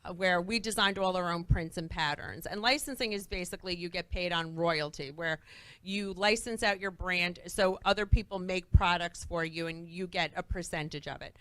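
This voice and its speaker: A middle-aged woman, a guest entrepreneur on a talk show, telling lively stories and acting out the voices of people she quotes. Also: lowish voice, normal speed, no room sound. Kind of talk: animated storytelling on a talk show.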